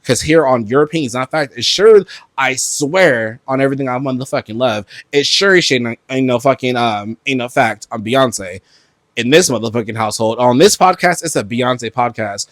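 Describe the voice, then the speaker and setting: A man from Brooklyn hosting a solo podcast, talking in a profane, animated way with loud outbursts and laughter. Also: mid-range voice, moderate pace, dry recording. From Brooklyn, New York. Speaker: podcast host. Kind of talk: solo casual podcast chat.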